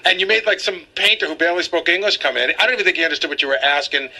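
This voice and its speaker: Fast, husky, bright-voiced New man. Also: high voice, low-quality recording. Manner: indignant, animated storyteller. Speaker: radio show co-host. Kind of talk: casual radio banter.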